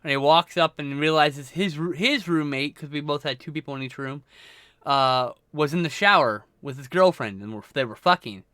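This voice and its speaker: A man with a fairly high, bright and crisp voice, recorded close and dry on a desktop mic. He rambles through a crude story, swearing freely and tripping over restarts. It sounds like a relaxed livestream chat. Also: moderate pace, no echo. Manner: profane, rambling anecdote with restarts. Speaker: livestream host.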